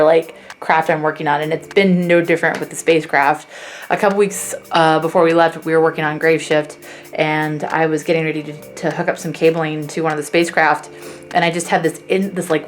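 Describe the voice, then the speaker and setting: A young adult woman talking to camera in a casual vlog, chatty and emotional, acting out her own quotes with lively swings. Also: fairly low pitch. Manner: emotional, chatty, animated quoting. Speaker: vlogger, spacecraft engineer.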